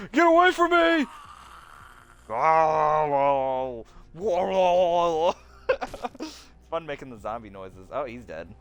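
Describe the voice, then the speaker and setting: A man streaming a game live, reacting with blunt, excitable commentary and swearing. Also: fairly low pitch.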